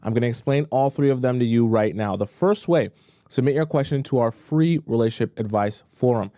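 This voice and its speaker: Mellow-voiced man hosting a dating-advice stream. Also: mid-range voice, a little fast, no echo, clean studio sound. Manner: emphatic, repeats points for stress. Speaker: dating coach and live-stream host. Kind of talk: casual live-stream advice talk.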